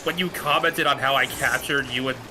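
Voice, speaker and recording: A man's voice: mid-range voice, steady tone, fairly quick, background noise. A man chatting playfully with a friend during a gaming stream. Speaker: streaming guest. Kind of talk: casual chat while gaming. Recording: music playing behind.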